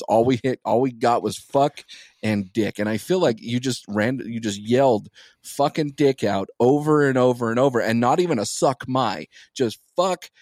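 A man's voice: mid-range voice, darkish tone, no room sound, studio quality. A man co-hosting a podcast in casual chat, rambling and repeating words as he goes. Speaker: podcast co-host.

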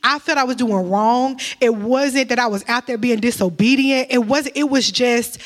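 A young woman giving an emotional testimony in church, telling her story with sudden high exclamations.

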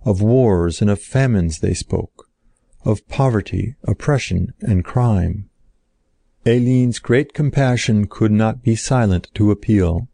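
A man reading an old-fashioned story aloud in a slow, solemn narrating style. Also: fairly low pitch, vocal fry, dark tone, no echo, studio quality.

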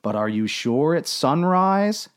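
A man voicing an earnest young male submarine sailor in a deadpan, matter-of-fact way. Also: on the high side, slow.

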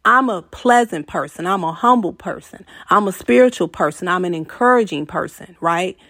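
A woman's voice: on the low side, animated, moderate pace, a bit bright, no room sound, clean studio sound. A woman hosting a venting show, giving a blunt, preachy, casual encouraging monologue that swears freely.

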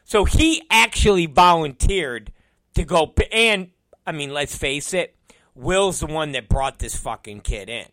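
A man's voice: a little high, lively intonation, a little slow, pushed and bright, no echo, studio quality. A middle-aged man hosting a podcast, telling an exasperated story in a profane, casual rant. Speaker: podcast host and wrestling promoter.

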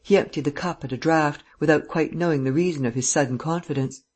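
An audiobook narrator reads classic prose in a steady, measured way, with a husky, breathy tone. The pitch sits in the middle range and the delivery stays even. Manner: steady, measured literary reading. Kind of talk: scripted narration.

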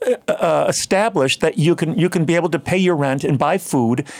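An older man in casual interview chat, animated, telling stories and mimicking other people in quick asides. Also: on the high side. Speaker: guest, singer and plant grower.

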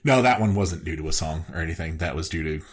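A man's voice: rumbling low, expressive, quick pace, breathy edge. A man in his thirties co-hosting a podcast in casual chat, with a dry, self-deprecating manner. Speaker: podcast co-host.

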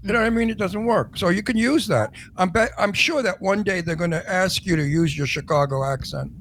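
Older man, Brooklyn accent, blunt joking co-host, high voice, faint background hiss. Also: fairly quick, fairly bright tone. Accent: New York (Brooklyn). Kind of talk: casual chat.

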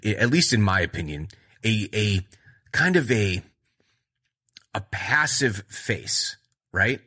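A man's voice: lowish voice, breathy edge. A man retelling film scenes in a casual, rambling way, acting out the lines as he goes. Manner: rambling, animated retelling with acted-out quotes. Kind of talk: casual movie chat.

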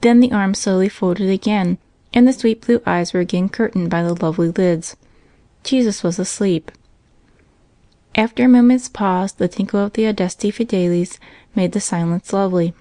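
A woman narrating a classic children's Christmas story in a calm, measured way. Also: medium pitch, no room sound. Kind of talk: scripted narration.

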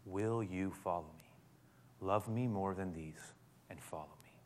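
A man speaking as a gentle spiritual teacher, in a soft, measured and earnest voice. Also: low-pitched, fairly even intonation, a little hiss or hum, voice pushed down, lightly acted. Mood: solemn tender.

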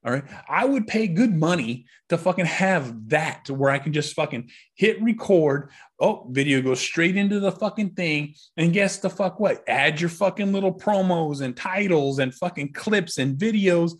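Male podcast host, husky and a bit high, profane angry ranter. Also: lively intonation, moderate pace, hardly any pauses. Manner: angry, swears constantly, rambling. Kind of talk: profane ranting monologue.

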